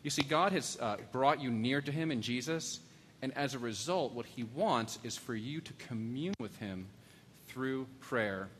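A man's voice: medium pitch, lively intonation, a little slow, a bit bright, in a large hall, slight background noise. A married man preaching a sermon to a congregation, earnest and pleading, telling stories and asking the kids questions. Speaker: pastor. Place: church sanctuary.

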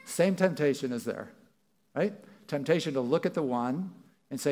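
A man's voice: medium pitch, animated, moderate pace, darkish tone. A male pastor preaching a sermon in a church, talking conversationally and acting out what people might say. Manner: conversational, acts out quoted voices.

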